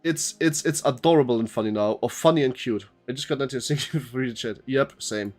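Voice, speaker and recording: A young man streams a game, rambling and joking with viewers, reading the game's text aloud, thanking chat members, and swearing. He talks fast in a medium voice over soft background music.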